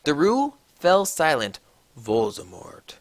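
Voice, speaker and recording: Mocking man with a lively voice. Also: fairly high pitch, slow, dry recording. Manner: mocking, exaggerated, swears freely. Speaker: reader. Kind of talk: comedic dramatic reading of fan fiction.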